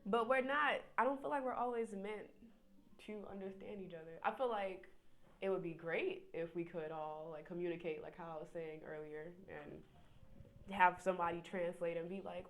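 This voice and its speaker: A young woman with a lowish voice talks openly and with feeling in a relaxed interview. She drifts into little acted-out quotes as she makes her point. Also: fairly quick. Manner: candid, animated, acts out quoted voices. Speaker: guest. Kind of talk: casual conversation.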